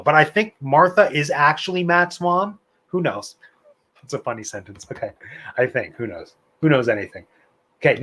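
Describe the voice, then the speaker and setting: A man with a slightly raised pitch hosts a live trivia stream. He reads out questions and options and wanders off into playful, opinionated asides. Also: a bit bright. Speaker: trivia host.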